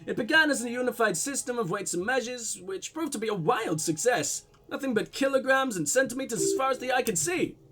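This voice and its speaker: A man's voice: extremely high pitch, expressive, a little fast, hardly any pauses, sharp tone, faint music behind, voice pushed up, heavily acted. Man doing a pompous diplomat, fake Russian-German accent. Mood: smooth, evasive. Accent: mock Russian-German blend. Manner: suave, evasive, pompous. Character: smooth evasive male foreign diplomat, middle-aged.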